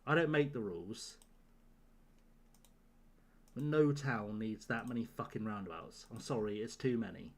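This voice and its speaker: A man's voice: fairly low pitch, moderate pace, long pauses. A man streaming a game live, chatting to his viewers with sardonic, profane jokes. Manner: sardonic, profane joking to chat.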